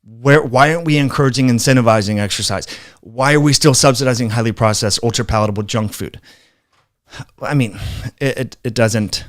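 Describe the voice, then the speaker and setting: A man hosting a health channel, giving an exasperated, halting rant that trails off. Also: mid-range voice, smooth, dry recording. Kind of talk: frustrated video rant.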